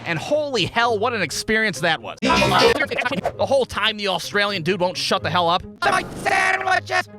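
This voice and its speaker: A man's voice: high-pitched, huge pitch swings, moderate pace. A man narrating a comedic cartoon story in a crude, sarcastic, swearing way. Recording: background music under the voice.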